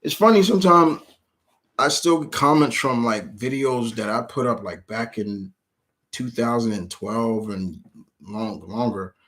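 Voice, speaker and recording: A man's voice: medium pitch, a little slow, fairly bright tone. Man, live-stream host, casual chat, rambling, lots of restarts, mid-range voice. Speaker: channel host answering viewer questions.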